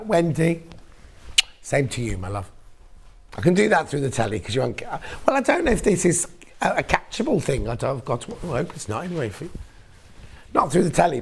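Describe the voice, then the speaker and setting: Gravelly chatty male shopping host. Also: mid-range voice. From United Kingdom. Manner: chatty, reads viewer messages aloud. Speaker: shopping channel presenter. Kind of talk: casual on-air sales chat.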